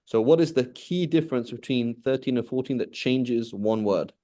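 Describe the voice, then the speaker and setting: A man's voice: medium pitch, moderate pace, mellow. A man teaching an Arabic language class, patiently asking questions and repeating key points. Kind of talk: live online class teaching.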